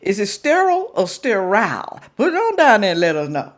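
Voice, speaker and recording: Animated woman hosting a chatty reaction video. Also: medium pitch, brisk. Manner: chatty, animated, talks straight to viewers, teasing. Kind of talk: casual reaction commentary.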